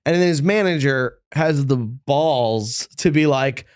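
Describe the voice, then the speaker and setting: Podcast host guy telling a story, animated, does the voices, middle pitch, dry room. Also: slow, smooth, dry recording. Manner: animated storyteller, acts out quotes. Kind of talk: casual chat.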